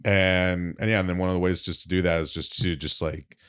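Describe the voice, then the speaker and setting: A young adult male comedian telling animated stories in casual podcast chat, with lots of fillers and restarts. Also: low voice, fairly quick, clear, resonant tone. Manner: animated storytelling, many fillers and restarts, swearing. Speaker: comedian guest.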